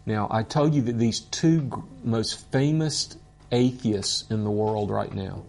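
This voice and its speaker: Guy teaching a bible class, real slow, gravelly, gets choked up. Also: on the low side, darkish tone. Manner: earnest, slow and deliberate, moved to emotion.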